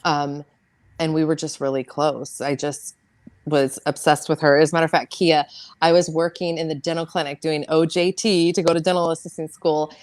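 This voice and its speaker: A middle-aged American woman, a podcast guest, telling a painful family story in an earnest, halting way, repeating words as she goes. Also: low-pitched, flat delivery, darkish tone, no echo. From United States. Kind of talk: emotional personal storytelling.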